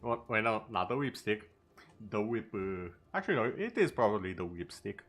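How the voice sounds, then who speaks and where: A man's voice: fairly low pitch, sing-song, normal speed, a bit bright. A male streamer in casual chat over gameplay, talking easily and tossing in sarcastic asides.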